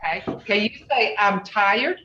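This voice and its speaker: Her mid-range voice sounds pushed and bright as she teaches an online language class at a measured pace. The video call audio is distant, roomy, and dull, and she works patiently through the students one by one, coaching each phrase.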